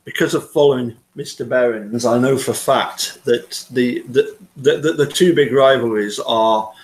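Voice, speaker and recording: A man speaking as a guest on a video call. He chats casually and stumbles over repeated words as he gathers his thoughts. His voice has a middling pitch. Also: measured pace, poor audio. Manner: hesitant, repeats words while finding them. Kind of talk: casual chat.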